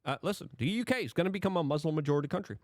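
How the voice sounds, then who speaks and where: An animated man delivering commentary to camera, his pitch swinging widely as he presses rhetorical questions. The sound is dry and close, with no room around it. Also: rapid-fire, dry recording. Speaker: political commentary host.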